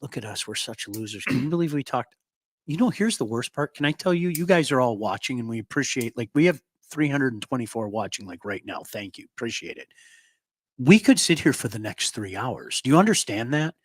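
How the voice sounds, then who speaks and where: A man's voice: medium pitch, expressive, brisk, dry recording. A middle-aged man hosting a casual hockey podcast, chatty and jokey, also reading sponsor spots. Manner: chatty, jokey, restarts sentences. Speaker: podcast host. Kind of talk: casual hockey chat and ad reads.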